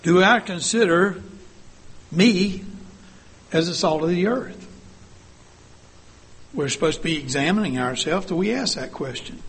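A man's voice: high-pitched, lively intonation, measured pace, pauses often, a bit bright, husky. An older man delivering an earnest sermon, asking the congregation many rhetorical questions. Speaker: church speaker.

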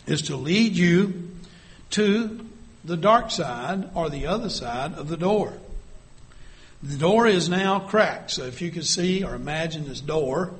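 A man preaching a sermon, reading scripture aloud and dropping to a hush for vivid scenes. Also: fairly high pitch.

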